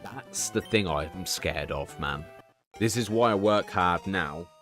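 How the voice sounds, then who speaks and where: Low-voiced man talking candidly. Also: slow pace, music in the background. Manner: candid, confiding, swears freely. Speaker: streamer. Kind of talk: casual live-stream chat.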